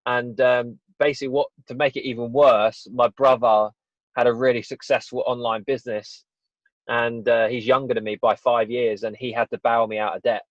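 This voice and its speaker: Telling his story on a laid-back podcast interview, a fitness business owner in his twenties rambles candidly and restarts a lot. He has a mid-range, level voice at normal speed, and the lo-fi audio is dull and dry with no room sound.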